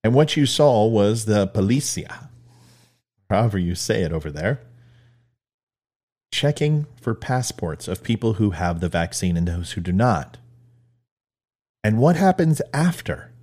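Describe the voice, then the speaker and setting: A man's voice: on the low side, big pitch swings, unhurried, long pauses, a little mellow. A man hosting a commentary show, delivering an emphatic, punchy opinion monologue. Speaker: host.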